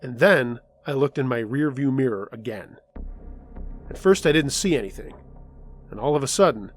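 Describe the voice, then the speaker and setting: A man narrating first-person scary road stories in a scripted storytelling style, dropping his voice low for tense moments. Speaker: storyteller reading listener stories. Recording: faint music underneath.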